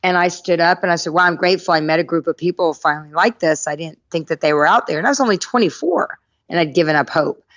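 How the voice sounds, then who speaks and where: A middle-aged woman from North Carolina, a podcast guest telling her life story in a lively way and acting out the people in it. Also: lowish voice, fast talker, dry recording, dull audio. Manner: lively anecdotal storyteller, acts out quoted voices. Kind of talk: storytelling interview.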